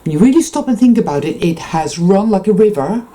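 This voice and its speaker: A woman's voice: mid-range voice, lively intonation, brisk, warm tone, low-quality recording. A woman giving an impassioned, unscripted spiritual monologue to her viewers, swearing freely and often stopping and restarting her sentences. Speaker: spiritual vlogger.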